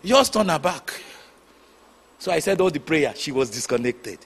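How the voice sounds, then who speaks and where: A man preaching a sermon, telling stories with sudden shouts and hushed asides. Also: a little high, expressive, moderate pace, slightly rough. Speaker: pastor.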